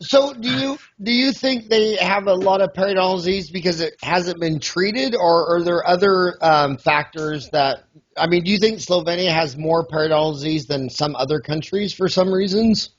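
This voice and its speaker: A man's voice: sits high, moderate pace, lo-fi sound, slight background noise. A man from the United States hosting an interview in a joking, rambling way with many fillers. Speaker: podcast host. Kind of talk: casual interview.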